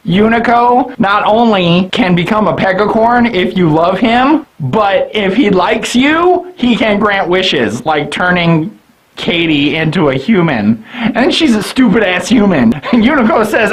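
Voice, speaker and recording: A man's voice: sits high, lively intonation, measured pace, rough recording. A drunk man rambling through a comedic anime review, swearing and laughing often.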